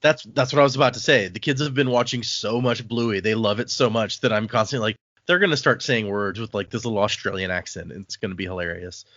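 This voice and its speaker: A man's voice: lowish voice, quick pace, hardly any pauses, fairly bright tone, no room sound, muffled recording. A man co-hosting a casual book podcast, retelling scenes and slipping into the characters' lines as he goes. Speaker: podcast co-host.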